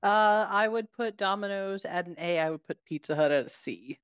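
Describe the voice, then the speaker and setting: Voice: mid-range voice, normal speed, a bit bright, smooth, no room sound. Wry co-host on a muffled mic. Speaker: podcast co-host. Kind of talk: casual chat.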